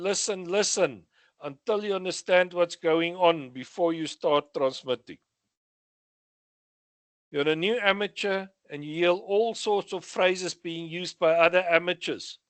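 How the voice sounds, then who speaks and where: This exam revision lesson features a high-pitched, slightly bright male voice with a South African accent, recorded without echo. He works through radio exam questions one at a time, reading each, then supplying the answer with a few quick side comments.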